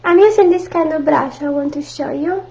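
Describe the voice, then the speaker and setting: Brief: Italian-accented woman art teacher, high and a bit gravelly, chatty, lo-fi livestream audio. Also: moderate pace. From Italy. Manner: chatty, warm asides to viewers, frequent laughs. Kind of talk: live online painting class. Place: home art room. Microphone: camera mic at close range.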